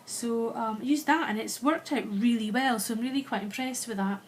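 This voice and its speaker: A Scottish woman casually walking through her handmade album, chatty and unhurried, often pausing to find the right word. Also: on the high side, a little hiss or hum. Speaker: crafter showing a handmade album. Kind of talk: casual show-and-tell walkthrough.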